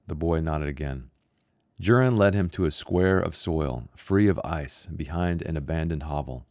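Deep-voiced man reading a short story. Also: a little mellow, dry recording, studio quality. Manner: measured, somber narration. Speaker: author and host. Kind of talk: reading his own short story aloud.

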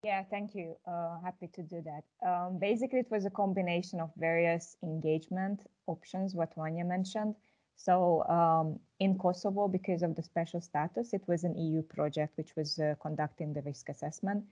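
A woman's voice: fairly low pitch, steady tone, moderate pace, mellow. A woman presenting a worked example at an online workshop, speaking hesitantly with many fillers.

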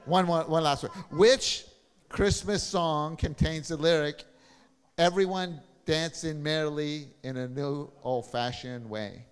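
A man, a pastor, casually hosting a Christmas trivia game in church, playful and chuckling as he reads the questions slowly. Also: fairly high pitch, clear, resonant tone, long reverb tail. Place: church hall.

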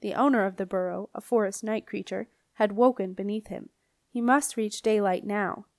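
A woman's voice: mid-range voice, steady tone, moderate pace, darkish tone, no echo. Woman reading a storybook, dry close voice. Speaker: audiobook reader. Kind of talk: scripted narration.

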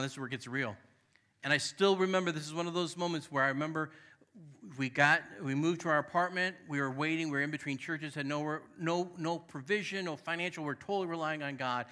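Bright, forceful male pastor preaching. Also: on the high side, brisk. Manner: emphatic, conversational preaching with calls to the congregation; tells personal stories with candid, self-deprecating asides. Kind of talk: sermon. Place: church sanctuary.

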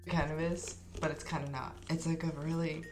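Woman, casual snack reviewer, excitable and gushing, over background music. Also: sits low, fairly quick. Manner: excitable, gushing, bursts into squeals and laughs. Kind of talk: casual snack-tasting chat.

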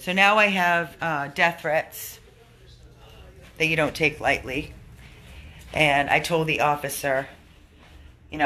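A man's voice: on the high side, fairly even intonation, slow, pauses often, pushed and bright, slight background noise. A man who runs an animal rescue, giving an indignant, earnest video update to his followers.

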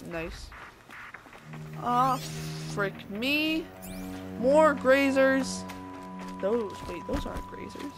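A woman commentating as she plays a video game, chattering to the enemies and squeaking up high when she panics. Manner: excitable, talks to enemies, voice shoots up when panicked. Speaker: gameplay streamer. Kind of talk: let's play commentary.

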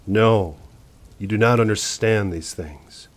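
Man voicing a fearful old orderly, superstitious, halting formal speech, low storybook voice. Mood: grave. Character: elderly male Costa Rican hospital orderly, fearful, superstitious.

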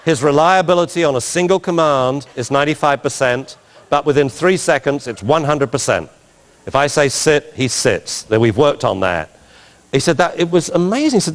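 Lively man telling stories in a hall. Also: a little high, moderate pace. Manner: lively storyteller, laughing, mimicking sounds. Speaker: dog trainer giving a talk. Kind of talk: animated anecdotal lecture.

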